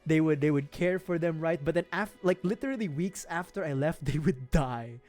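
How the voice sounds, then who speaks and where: A man's voice: on the high side, moderate pace, a little mellow, faint music behind. A man from the Philippines, streaming, telling a story casually, laughing often and swearing freely.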